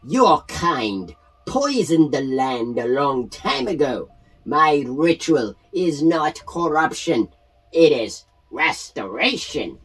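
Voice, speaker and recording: A man voicing a zealous male goblin shaman draped in bones, speaking in slow, ominous declarations. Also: fairly high pitch, sing-song, a bit bright, slightly rough, faint music behind, heavily acted.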